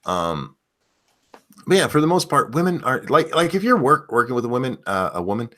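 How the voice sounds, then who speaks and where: A man's voice: mid-range voice, brisk. A man hosting a casual chat show, rambling through crude jokes and reading out donations. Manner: loose rambling crude humor, animated. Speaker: show host.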